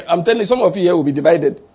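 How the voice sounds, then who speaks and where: A man, preaching a slow, emphatic sermon to a congregation as pastor. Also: a little high, lively intonation, mellow, breathy edge.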